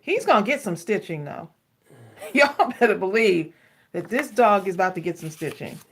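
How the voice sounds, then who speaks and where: A woman's voice: medium pitch, sing-song, moderate pace, slight background noise. A woman from Long Island with a slight New York accent, chatting casually and laughing as she crafts on a live stream. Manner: chatty, laughs often, says y'all. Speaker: co-host crafter.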